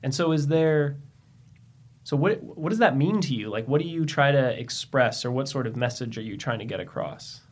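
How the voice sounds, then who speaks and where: A man's voice: mid-range voice, lively intonation, normal speed. A man hosting a casual interview, giving brief reactions and asking hesitant questions.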